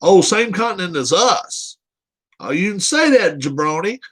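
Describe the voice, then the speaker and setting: A male host riffing through viewer comments on a casual live show. His voice sits a touch higher than most men's and swoops up and down with animated energy. He teases and laughs as he goes. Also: measured pace, breathy edge.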